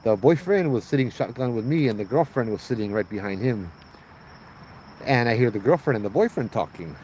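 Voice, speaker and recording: A man with a Hawaiian Pidgin accent hosting a livestream, telling a ghost story in a lively way and putting on high voices for the people in it. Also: fairly quick, slight background noise, low-quality recording. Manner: animated, acts out voices in high pitch. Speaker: host telling ghost stories.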